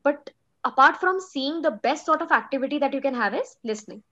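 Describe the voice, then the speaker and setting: A woman's voice: high-pitched, animated, fairly quick, sharp tone, highs cut off. A young woman teacher with an Indian English accent, giving an online class in a chatty way, full of "okay" and "like".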